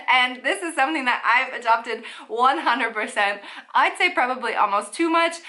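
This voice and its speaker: A young Canadian woman talks to her camera in a chatty, upbeat vlog, tossing in playful asides as she goes. Her voice sits a little high and has a bright, forward ring to it. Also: expressive, moderate pace. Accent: Canadian English. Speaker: vlogger. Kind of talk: casual vlog talk to camera.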